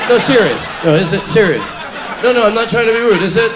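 Male stand-up comedian, high lively voice, live club recording with room echo and audience noise. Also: fast, crowd noise. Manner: mock-earnest, acting out quoted people. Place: comedy club stage before a laughing audience.

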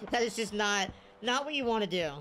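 A woman's voice: on the high side, slight background noise. A woman giving live video game commentary, cheering and groaning at every play. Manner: excitable, cheers and groans at plays. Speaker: gaming streamer.

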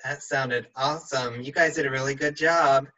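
A woman music teacher leading young children through a rhythm lesson, speaking slowly and clearly with encouragement. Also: rumbling low, fairly even intonation, a bit bright. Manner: slow, clear, encouraging classroom delivery. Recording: dull lo-fi sound.

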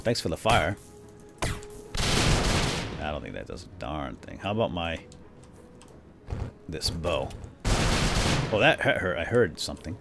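Man, let's play host, low voice, very lively pitch, excitable, game gunfire behind. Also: gravelly, heavy background noise. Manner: excitable, exclaiming. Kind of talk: gameplay commentary.

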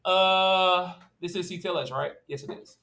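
A man's voice: high-pitched, moderate pace, sharp tone. A male teacher giving a classroom lecture, talking casually and directly and often checking that students are following. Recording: echoey classroom, at times far from the mic.

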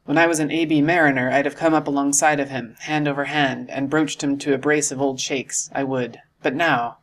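A man's voice: mid-range voice, steady tone, fairly quick, fairly bright tone, natural voice. A man reading aloud and voicing a jovial one-legged old sea cook who talks in salty sailor slang, in an audiobook. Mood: wheedling.

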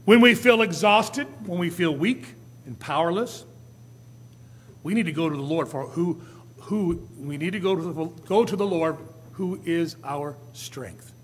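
A man, a pastor, preaching a sermon in a church, swinging between quiet asides and loud, rising appeals and acting out whiny quotes. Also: a little high, unhurried, big-room sound, slight background noise. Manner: preaching with sudden rises and drops in loudness, acting out whiny quotes. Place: church sanctuary.

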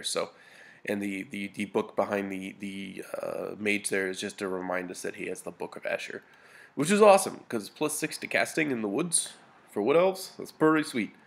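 A man's voice: low voice, gravelly. A man, a bit sniffly, casually narrating a tabletop battle report over photos, with lots of fillers and restarts. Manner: casual, many fillers and restarts, dry humor. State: a little sniffly. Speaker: hobby gamer reporting a battle.

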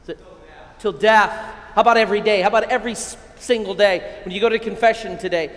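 A middle-aged American priest giving an excitable, energetic keynote talk to a men's conference, with sudden loud bursts. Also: male voice, high-pitched, fast talker. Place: large hall at a conference. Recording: echoey hall, long reverb.

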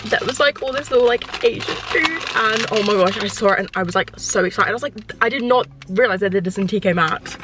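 A woman chatting excitedly to camera from inside a parked car, with lots of "like" fillers. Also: mid-range voice, background noise. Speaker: lifestyle vlogger. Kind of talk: casual vlog chat to camera.

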